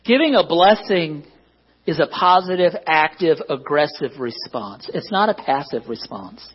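A man's voice: on the high side, lively intonation, a little slow, slightly rough, lo-fi sound. A man preaching a conversational sermon as pastor, often asking the congregation to agree. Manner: conversational, self-deprecating, asks the congregation for agreement. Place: church.

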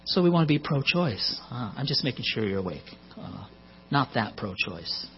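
A man's voice: medium pitch, big pitch swings, moderate pace. A middle-aged man preaching a sermon in a conversational way, with joking asides, on a muffled recording with mains hum.

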